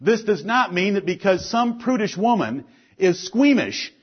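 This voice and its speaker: Husky-voiced preacher in a dull recording. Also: male voice, sing-song, a little slow. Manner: preaching with rising emphasis, then dropping to a low, quiet delivery. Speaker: pastor. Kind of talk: sermon.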